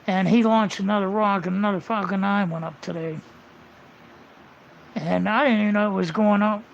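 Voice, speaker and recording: A man's voice: sits high, creaky, slight background noise. A man livestreaming a casual, rambling monologue, blunt and full of swearing, on muffled lo-fi audio.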